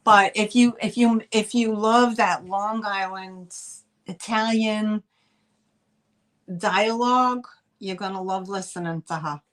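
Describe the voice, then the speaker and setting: Chatty New York woman hosting a live sale, slow and easygoing in delivery. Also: mid-range voice, a bit bright. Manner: chatty, greets chat viewers by name. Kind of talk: live-stream selling chat.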